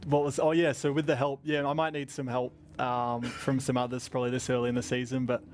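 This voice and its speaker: A man's voice: mid-range voice, flat delivery, a little fast, a little hiss or hum. An Australian man in his twenties, a racing driver answering press conference questions in a chatty, rambling way with lots of laughter.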